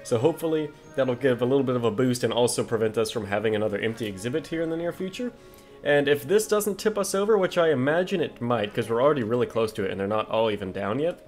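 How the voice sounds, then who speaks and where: A man hosting a casual video game commentary, excitable and jokey as he talks to his viewers. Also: medium pitch, quick pace, faint music behind. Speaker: gaming video host.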